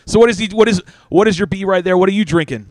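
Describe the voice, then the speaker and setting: A man's voice: high-pitched, fast, darkish tone, dry recording. Joking, cursing male call-in show host. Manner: joking, swearing, teasing callers. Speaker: podcast host. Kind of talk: casual live call-in show.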